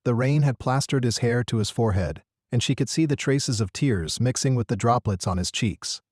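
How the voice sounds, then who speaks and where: A man narrating a scripted story in a steady, earnest manner. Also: medium pitch, moderate pace, slightly rough, dry recording, studio quality.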